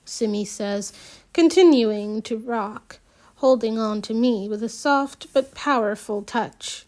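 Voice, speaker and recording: A woman reads a novel aloud at a slow, unhurried pace. Her voice sits a little high. She restarts lines and drops in small asides as she goes. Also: a little mellow. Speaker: audiobook reader. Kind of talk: unpolished audiobook narration.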